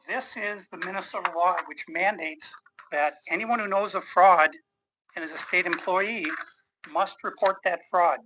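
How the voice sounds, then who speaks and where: Deliberate commentator citing statutes. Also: medium pitch, noisy background. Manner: deliberate, cites statutes precisely. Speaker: political commentator in a played clip. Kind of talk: formal spoken argument.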